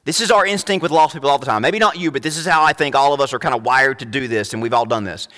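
A young adult man preaching a sermon as pastor, emphatic, rising to loud high peaks. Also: fast talker, long reverb tail.

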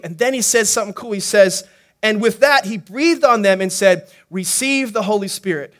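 A male pastor preaching a sermon in an animated, playful way, joking and asking the congregation questions. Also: high-pitched, normal speed. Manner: animated, playful preaching with jokes and acted-out quotes.

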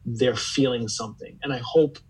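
A man with a slightly husky voice, speaking in an earnest, reflective way. He searches for his words as he goes, repeating phrases while he works out a thought. It sounds like an unhurried, thoughtful interview conversation. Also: medium pitch, fairly even intonation, rough recording. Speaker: podcast guest.

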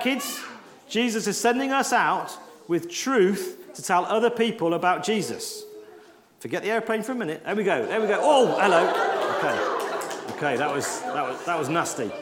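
Jokey man leading a church children's talk. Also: high voice. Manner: jokey, self-deprecating, coaxing children. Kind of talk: lively all-age church talk with props. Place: large church hall. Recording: echoey church hall with congregation.

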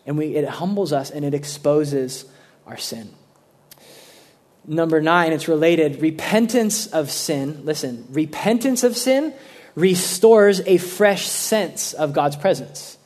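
Young guy preacher, kinda high voice, casual sermon, goes loud then real quiet. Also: slow. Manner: animated storytelling, voice swings from loud to hushed.

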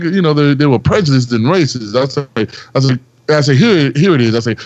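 Profane, animated man from Texas. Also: fairly quick, no echo. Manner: animated storyteller who acts out quotes in a much higher voice; heavily profane. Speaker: podcast co-host. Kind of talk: casual podcast chat. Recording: dry, slightly dull lo-fi audio.

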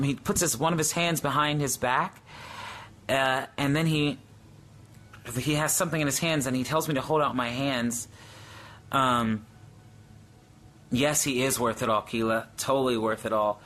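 A man's voice: mid-range voice, a little slow, pauses often, a bit bright. A man earnestly recounting a spiritual vision to viewers on a livestream, full of awe and frequent hesitations. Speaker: Christian speaker sharing a vision. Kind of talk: livestream testimony, answering viewers.

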